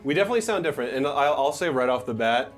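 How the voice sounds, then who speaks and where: A man's voice: mid-range voice, lively intonation, very fast, soft background music. Man, earnest, reassuring, speaking to viewers, lapel mic, small room. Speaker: stream co-host. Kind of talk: casual stream chat. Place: small indoor stream room with cloth hanging from the ceiling.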